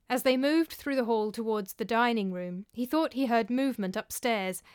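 A woman narrating a story in a measured, even-paced reading voice. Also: mid-range voice, clear, resonant tone, no echo, clean studio sound.

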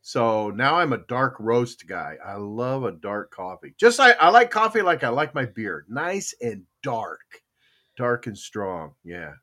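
A man's voice: mid-range voice, big pitch swings, a little slow, sharp tone. An older man hosting a casual podcast and chatting with a live chatroom, telling long rambling stories full of fillers and restarts, often with a chuckle. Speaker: podcast host.

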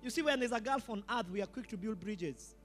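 A Kenyan man preaches a sermon in a very high, bright, ringing voice. He moves between English and Swahili slang and climbs to shouts at the peaks. Faint music plays behind him. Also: a little fast. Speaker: pastor.

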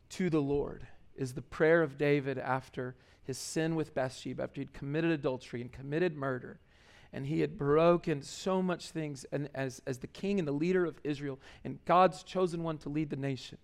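A man preaching a sermon in a loose, conversational way, full of fillers and restarts. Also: fairly high pitch. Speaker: pastor.

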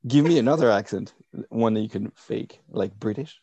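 Husky low-voiced male podcast host. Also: normal speed, warm tone, no echo. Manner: chatty, playful, laughs often. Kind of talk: casual interview chat.

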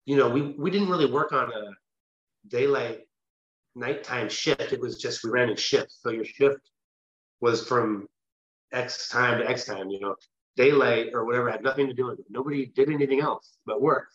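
A man's voice: mid-range voice, normal speed, fairly bright tone, husky, lo-fi sound. A man from the West Coast of the US, a guest telling a long personal story in a casual, rambling way with restarts. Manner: rambling, with restarts and filler phrases. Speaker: interview guest.

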